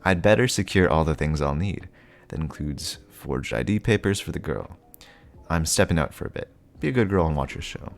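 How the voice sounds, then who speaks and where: Man as a stern spy dad, deep gravelly voice, clipped earnest thoughts, faint music. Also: lively intonation, moderate pace, heavily acted. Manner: clipped, earnest inner monologue. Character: stern male spy posing as father. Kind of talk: comic reading with voices.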